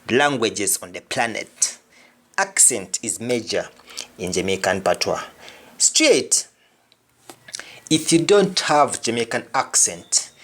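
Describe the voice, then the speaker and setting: Man, language teacher, emphatic delivery, repeats examples, medium pitch. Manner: emphatic, repetitive example sentences. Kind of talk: video lesson.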